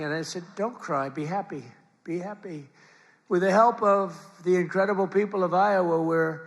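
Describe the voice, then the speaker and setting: An older man giving a rambling, repetitive campaign rally speech from a podium microphone in a large event hall, with the audience heard around him. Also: on the high side. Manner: rambling, repetitive, boastful asides. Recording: live rally with crowd noise. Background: crowd and ambient noise.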